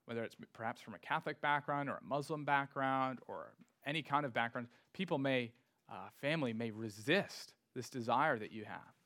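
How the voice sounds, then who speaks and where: A man's voice: mid-range voice, normal speed, pushed and bright. A man preaching a sermon to his congregation, reading scripture and rising to emphatic rhetorical questions. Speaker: pastor.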